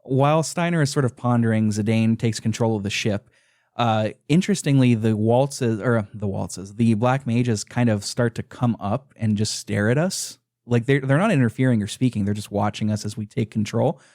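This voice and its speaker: Man, podcast host, casual chat, animated retelling, many fillers, dry sound. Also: fairly low pitch, normal speed, dry recording.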